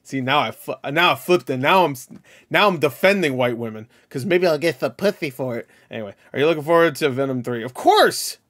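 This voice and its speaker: A young man hosting a live stream, reading viewer comments aloud and answering with crude jokes. His voice sits at an ordinary middle pitch, drops to a mumble, then jumps into loud mock outbursts. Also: animated, brisk.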